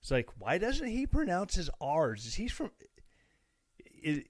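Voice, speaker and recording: A man's voice: high-pitched, huge pitch swings, a little slow, long pauses, dry recording, clean studio sound. A man from Missouri hosting a casual podcast, chatty and sarcastic with a self-mocking streak. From Missouri, USA. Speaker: podcast host. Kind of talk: casual solo podcast commentary.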